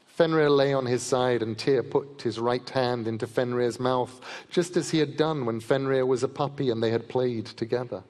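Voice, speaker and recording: A man reads a myth aloud to a festival audience, measured and vivid in his telling. His voice sits at a middle pitch. It carries a long reverb from the large hall he is reading in. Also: fairly even intonation, darkish tone. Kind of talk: storytelling reading to a live audience.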